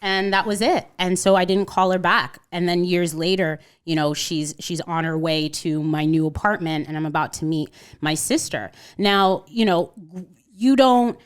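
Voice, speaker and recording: With a smooth, lowish voice, this thirty-something podcast guest from Connecticut, USA, shares a personal story in relaxed conversation, acting out the voices of the people involved.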